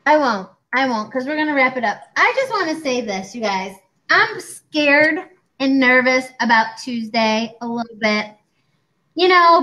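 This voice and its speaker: A high-pitched woman in her forties talks in a lively, chatty way. She co-hosts a casual chat and acts out other people's lines as she goes. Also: low-quality recording. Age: 40s. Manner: chatty and animated, acting out quoted doctors. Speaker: co-host.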